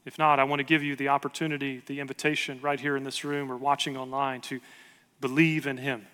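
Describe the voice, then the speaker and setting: A man's voice: mid-range voice, flat delivery, a little fast, sharp tone, smooth. Earnest male pastor in a big hall. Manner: earnest, building to emphatic repetition. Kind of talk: sermon. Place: large church hall. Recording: long reverb of a large hall.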